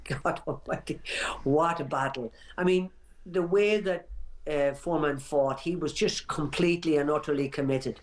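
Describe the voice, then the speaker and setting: A man's voice: on the high side, normal speed. Emphatic boxing pundit in his 60s. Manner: emphatic, reminiscing, restarts phrases often. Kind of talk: radio talk show chat.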